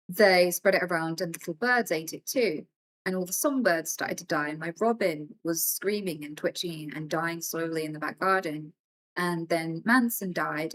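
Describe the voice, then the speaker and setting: A woman live-streaming from home, telling a casual story to her chat in an emphatic way, with plenty of swearing. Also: fairly low pitch. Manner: emphatic and swearing, animated as she tells a story.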